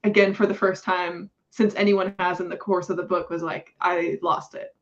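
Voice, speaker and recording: A woman's voice: fairly low pitch, little pitch movement, normal speed. Muffled woman hosting a gushing book chat. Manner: gushing, filler-heavy, laughs between lines. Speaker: book club host. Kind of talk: casual book discussion.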